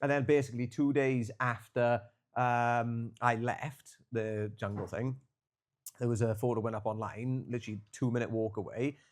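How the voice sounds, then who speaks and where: A man's voice: mid-range voice, fairly even intonation, moderate pace. A young man, co-hosting a podcast and rambling through travel stories full of fillers and swearing. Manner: rambling storyteller, swears freely, filler-heavy. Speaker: podcast co-host. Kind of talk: casual chat.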